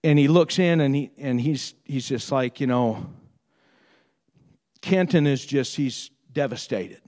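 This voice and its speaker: A man preaching a sermon. He retells a story with deep feeling, repeats and restarts his words when moved, and builds into fervent preaching. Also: measured pace, a little mellow.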